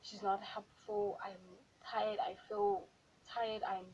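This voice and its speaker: A woman's voice: mid-range voice, flat delivery, takes it slowly, a little mellow. A young South African woman telling a story from her own life on camera, retelling it animatedly with lots of "like" and quoted asides. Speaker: YouTuber. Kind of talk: storytime vlog. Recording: dull audio with faint hiss.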